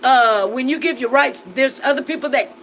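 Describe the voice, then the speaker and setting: A woman's voice: high-pitched, normal speed, fairly bright tone, slight background noise, rough recording. A woman in her forties hosting a casual live chat, reading viewer comments and laughing often as she talks. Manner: chatty and laughing, with Southern Black American vernacular.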